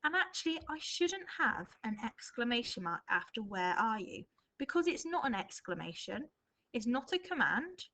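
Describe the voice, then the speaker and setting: A primary school teacher records a writing lesson for her class from home, her voice a little high, very animated, and sharp. She thinks aloud while drafting and reads example sentences slowly and expressively, though the audio quality is poor.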